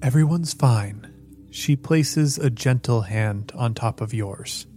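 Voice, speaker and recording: A man narrating as game master of a tabletop game, in a quick, gentle manner. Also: mid-range voice, faint music behind.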